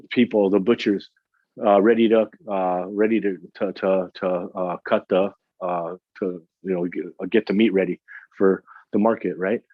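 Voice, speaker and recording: A man's voice: fairly low pitch, no echo. Impassioned man preaching, dull lo-fi sound. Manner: emotional, repetitive and rising in intensity. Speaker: majlis speaker. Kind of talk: religious lecture and supplication.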